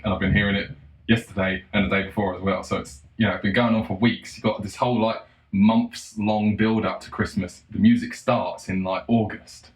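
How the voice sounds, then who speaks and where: A man in a casual monologue, profane and sarcastic, breaking into mocking shouts. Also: fairly low pitch. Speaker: solo commentator. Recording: roomy echo.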